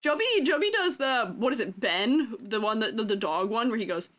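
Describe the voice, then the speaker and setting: Giggly animated young woman streamer. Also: on the high side, brisk. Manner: giggly, animated, chatty with viewers. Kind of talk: casual chat.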